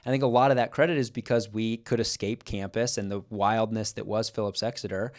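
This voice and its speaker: A man's voice: lowish voice, fairly even intonation, brisk. Young man from Kansas, earnest podcast host. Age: young adult. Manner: earnest and reflective, with frequent restarts. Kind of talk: casual podcast chat.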